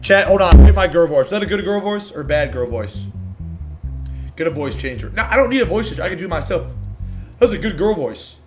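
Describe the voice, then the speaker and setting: A young man streaming a game live, reacting loudly in excitable slangy casual chat. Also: on the high side, fairly quick, music in the background.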